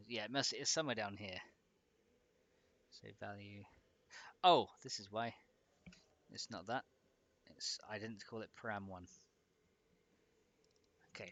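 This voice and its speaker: A man's voice: fairly low pitch, a bit bright. A young man streaming, talking himself through fixing a game mod and chatting with viewers. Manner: muttering to himself while troubleshooting, chatty with viewers. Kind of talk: casual livestream commentary while modding.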